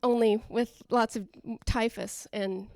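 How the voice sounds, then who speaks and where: A woman from Oakland delivers a rambling stand-up routine and mocks herself along the way. Her voice sits high. She talks in halting starts and restarts. The recording is dry and close. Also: steady tone, vocal fry, darkish tone, no echo. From Oakland, California. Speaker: stand-up comedian.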